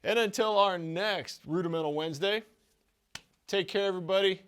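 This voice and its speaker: A man giving a casual drum lesson, talking in a relaxed way with many stammered restarts and small chuckles. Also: high voice, normal speed, smooth. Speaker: drum teacher.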